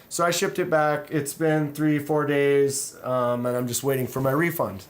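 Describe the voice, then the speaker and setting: A man's voice: fairly high pitch, steady tone, moderate pace, few pauses. A man hosting a knife channel, telling a long frustrated story in a rambling way, with sighs and restarts. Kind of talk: casual livestream chat.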